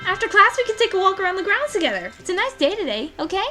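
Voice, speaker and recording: A woman putting on a high, bubbly schoolgirl. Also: big pitch swings, racing, over music. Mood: friendly. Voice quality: high, giggly. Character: bubbly cheerful schoolgirl classmate.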